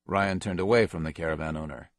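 A man reads an action novel aloud in a steady, even narration. His voice is very low. The recording is dry and close, with no room sound. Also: fast talker, no room sound. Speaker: audiobook narrator. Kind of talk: scripted narration.

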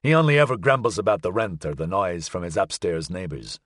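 Man reading wry detective, dry sardonic, lively pitch, dry close audiobook. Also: fairly quick, dry recording. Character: wry unflappable male private detective.

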